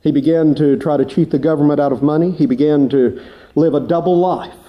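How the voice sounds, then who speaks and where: A man preaching a sermon, telling a story with lively emphasis and earnest, drawn-out stresses on key words. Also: lo-fi sound. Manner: animated storytelling, rising pitch for emphasis.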